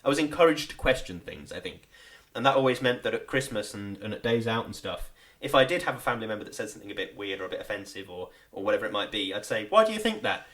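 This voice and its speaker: A man's voice: fairly low pitch, fast. A man co-hosting a podcast, chatting casually and ranting with exasperated laughs. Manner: animated, exasperated, laughing rants. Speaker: podcast co-host. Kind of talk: casual chat.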